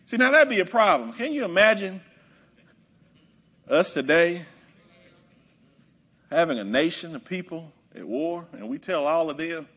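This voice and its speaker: A male preacher delivering a sermon in an emphatic, repetitive way, bursting into shouts. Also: a little high, sing-song, unhurried, long pauses, breathy edge.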